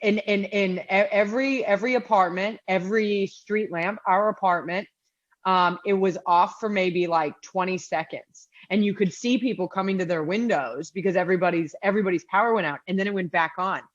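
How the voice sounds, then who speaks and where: A woman's voice: medium pitch, brisk, dry recording. Wry woman with a dry, dull sound. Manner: dry, laughs often, wry asides. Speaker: podcast co-host. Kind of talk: casual chat.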